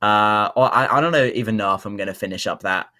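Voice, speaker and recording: A man's voice: fairly low pitch, fast, sharp tone. A young man, co-hosting a podcast in a chatty, upbeat way with lots of fillers. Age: young adult. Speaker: podcast co-host. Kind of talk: casual podcast chat.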